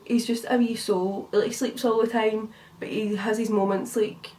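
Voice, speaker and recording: A woman's voice: on the high side, level tone, normal speed, mellow, far from the mic, a little hiss or hum. A young Scottish woman in her twenties chatting casually and swearing freely while she does her makeup for a vlog. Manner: chatty, swearing, lots of fillers. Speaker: beauty vlogger.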